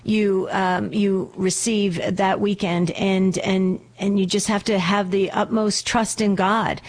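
A woman's voice: mid-range voice, flat delivery, slow pace. A woman co-hosting a call-in religious radio show, giving reassuring, encouraging counsel to callers.

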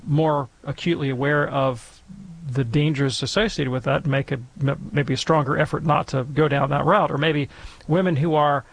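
A man's voice: fairly high pitch, fairly even intonation, normal speed, gravelly, dry recording. Thoughtful man in his fifties explaining. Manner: thoughtful, restarts often. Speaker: radio show guest expert. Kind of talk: answering callers on radio.

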